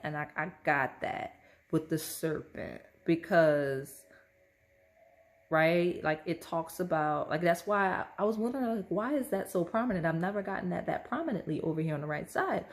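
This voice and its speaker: A low-pitched woman gives a casual pick-a-card tarot reading, speaking directly to the viewer. As a tarot reader, she keeps checking in with "right?" and "okay?".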